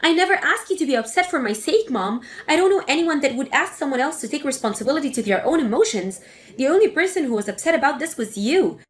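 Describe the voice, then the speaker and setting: A woman's voice: high voice, expressive, quick pace. A woman voicing an indignant adult daughter confronting her mother in a dramatic story reading. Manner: indignant, forceful.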